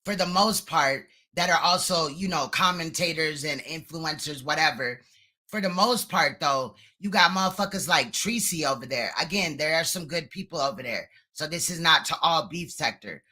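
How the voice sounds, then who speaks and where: A man's voice: on the high side, normal speed, pushed and bright. A man co-hosting a live commentary stream, crude and mocking and full of profanity. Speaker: co-host commentator.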